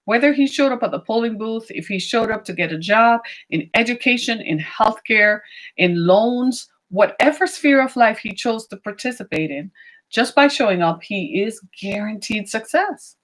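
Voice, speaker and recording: A woman giving opinionated commentary, emphatic, asking rhetorical questions and slowing down on key points. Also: on the high side, expressive, a bit bright. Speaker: political commentator.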